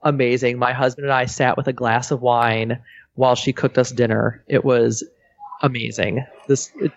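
A man's voice: medium pitch, little pitch movement, moderate pace, creaky, no room sound. A man co-hosting a parenting podcast, telling stories in a casual, upbeat, self-mocking way. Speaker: podcast co-host. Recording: dry, dull lo-fi sound.

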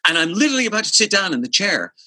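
A middle-aged man tells stories in a casual chat, swearing freely and acting out the people he quotes. His voice is bright and forceful. The recording is dry and close. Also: high-pitched, very fast, no echo, poor audio. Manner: animated storyteller, mimics drum sounds and acts out quotes; swears casually, many fillers. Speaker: session musician guest.

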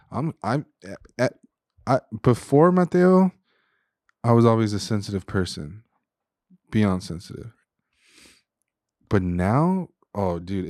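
Male podcast guest, 30s, low voice, dry close sound, earnest and emotional, casual filler-heavy speech. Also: darkish tone, no room sound. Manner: emotional, heartfelt, says "dude" and "like" a lot.

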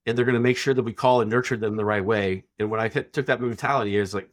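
A middle-aged man guest on a business podcast, telling stories in a casual, animated way and acting out quoted dialogue. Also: lowish voice, very fast, hardly any pauses. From Texas. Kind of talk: casual storytelling.

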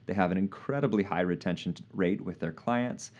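Low-voiced laid-back male podcast host. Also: fairly quick, a little mellow, lo-fi sound. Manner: easygoing, laughs often, many "uh" fillers. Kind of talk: casual live podcast chat.

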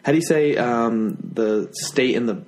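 A man's voice: medium pitch, darkish tone. A young man from Florida with a slight New Jersey tinge, chatting casually and jokingly as a podcast host. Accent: slight New Jersey/New York tinge. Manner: joking, rambling, quick self-corrections. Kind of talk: casual chat.

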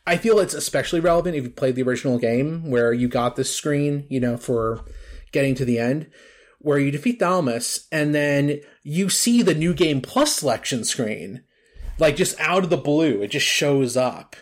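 A man's voice: a little high, normal speed. Rambling man chatting about a game. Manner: rambling, heavy on filler words and restarts. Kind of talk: casual chat about a video game.

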